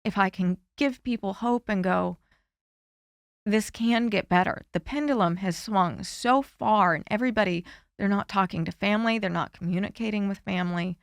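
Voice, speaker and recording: A woman in her forties, a candidate speaking earnestly and heartfelt in a podcast interview, often pausing with "you know". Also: mid-range voice, vocal fry, no room sound, studio quality. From Florida. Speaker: congressional candidate guest.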